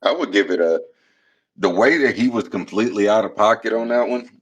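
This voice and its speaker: A man's voice: on the low side, fairly quick, slightly rough, low-quality recording. A man co-hosting a podcast in casual chat, telling loose, profane stories about his friends. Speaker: podcast co-host.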